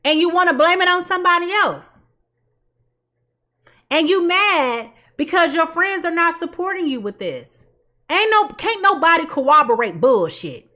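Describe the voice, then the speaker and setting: A woman's voice: very high-pitched, very animated, moderate pace, bright, forceful tone. A woman giving a casual tarot reading in a blunt, sassy way and laughing at her own jokes. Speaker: tarot reader.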